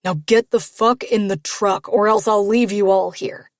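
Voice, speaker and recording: A woman's voice: mid-range voice, fairly even intonation, measured pace, no room sound, studio quality, lightly acted. A woman voicing a brash, hot-tempered young man who snarls orders at his friends. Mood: aggressive. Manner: snarling, ordering people around.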